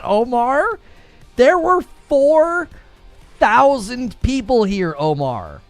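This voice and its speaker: A young man hosting a gaming livestream, chatting casually in a snarky, animated way and laughing often. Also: very high voice, very slow, soft background music.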